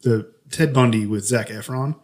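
A man's voice: medium pitch, normal speed, a little mellow. A man from Philadelphia co-hosting a podcast, joking and swearing freely in casual banter. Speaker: podcast co-host.

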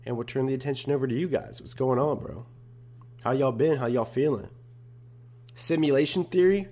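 A man's voice: mid-range voice, moderate pace, warm tone. A young man hosting a casual solo podcast, talking in a laid-back, slangy way. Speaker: podcast host.

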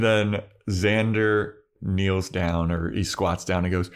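A man's voice: low-pitched, fairly even intonation, measured pace. A man co-hosting a podcast, casually recapping a TV episode and acting out the characters' lines with laughter. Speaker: podcast co-host.

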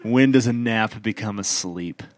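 A man's voice: on the low side, measured pace, a little mellow. A young man hosting a casual podcast, joking around and reading listener questions aloud to his friends. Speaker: podcast host.

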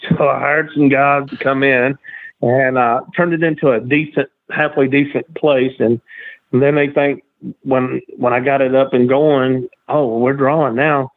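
A man, a guest telling stories in a drawling, animated way. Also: mid-range voice, measured pace, dry recording. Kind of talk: casual storytelling. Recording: tinny phone line, dry.

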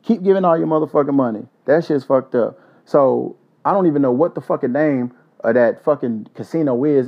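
A podcast host from Louisville, Kentucky, goes solo and rants in a loose, joking, heavily profane way. His voice is medium-pitched and brisk, and the audio is dull.

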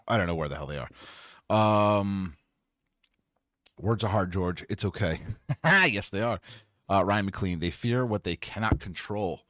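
A man's voice: on the low side, sing-song, moderate pace, a bit bright, no room sound, clean studio sound. A middle-aged man hosting a podcast alone, fired up and sarcastic, swearing as he reads out listener comments. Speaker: podcast host. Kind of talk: solo podcast rant reading live comments.

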